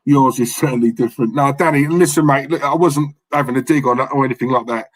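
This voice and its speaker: A man's voice: mid-range voice, fast, poor audio. A passionate man, co-hosting a live fan stream and ranting from the heart. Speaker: fan channel co-host.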